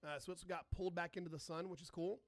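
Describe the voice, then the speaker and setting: A man's voice: sits high, fairly even intonation, quick pace, no room sound, soft background music. A man hosting a live astronomy stream, chatting casually, swearing and reading out and answering viewer comments, sarcastic toward trolls. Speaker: astronomy livestream host.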